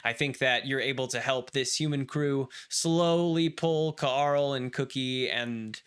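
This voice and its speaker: Male game master, bright, clear voice, lively narration full of restarts. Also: mid-range voice, unhurried.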